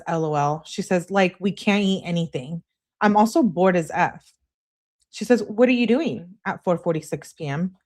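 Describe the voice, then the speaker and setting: A woman hosting a live stream, reading out text messages and chatting casually with viewers between them. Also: mid-range voice. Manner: reads texts aloud in an animated way, chats to live viewers. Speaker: true-crime channel host.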